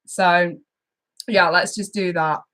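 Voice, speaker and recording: A woman's voice: on the low side, fairly even intonation, slow pace, fairly bright tone. Giggly chatty woman reading tarot live. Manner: chatty, giggly, talks to viewers by name. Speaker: tarot reader hosting a live stream. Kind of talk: casual live-stream chat.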